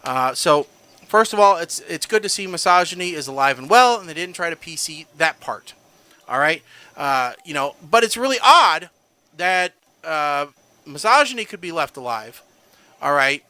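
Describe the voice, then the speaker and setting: A man's voice: a little high, animated, normal speed, sharp tone, smooth, dry recording. A man co-hosting a casual podcast, ranting and tagging his points with "all right?". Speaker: podcast co-host.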